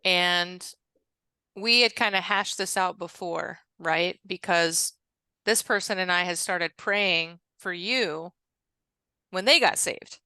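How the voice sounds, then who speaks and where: A woman hosts an interview, chiming in with agreement and follow-up questions. Her voice is low-pitched yet bright and crisp, recorded dry and close. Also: slow pace, no room sound. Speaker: host. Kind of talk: interview conversation.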